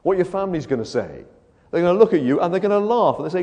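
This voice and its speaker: A man delivers an evangelistic sermon with a very animated pitch, rising and falling as he presses one rhetorical question after another. His delivery swings between hushed lows and loud, emphatic peaks. The voice rings with the long reverb of a large hall. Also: fast, hardly any pauses. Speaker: preacher. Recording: echoey hall.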